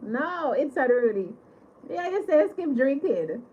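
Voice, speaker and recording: High-voiced woman chatting slowly on a livestream. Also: sing-song, mellow, dull audio, slight background noise. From Caribbean. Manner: giggly and apologetic, thanking viewers over and over. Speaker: livestream host. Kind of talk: casual livestream chat. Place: home living room.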